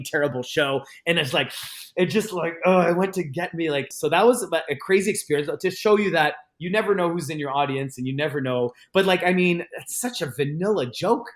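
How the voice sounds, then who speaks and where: A man, a magician guest on a podcast, telling stories in a casual, animated and rambling way, with frequent restarts. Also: on the high side, brisk. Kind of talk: casual storytelling in a podcast interview.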